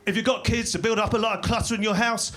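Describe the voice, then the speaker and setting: Deadpan high-voiced man doing stand-up. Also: quick pace. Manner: dry, deadpan delivery with sudden shouted bursts. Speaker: stand-up comedian. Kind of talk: deadpan stand-up one-liners. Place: small comedy club stage in London. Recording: live club recording with audience laughter. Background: crowd laughing.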